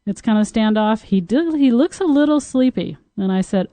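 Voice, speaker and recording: A woman hosts a podcast as a Tantra teacher, telling frank personal stories with a lively, open manner. Her voice carries a singer's training and a mellow, darker tone. The recording is close and dry. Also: fairly high pitch, moderate pace, hardly any pauses, no room sound. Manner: lively, frank, openly talks about intimacy. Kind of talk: candid storytelling chat.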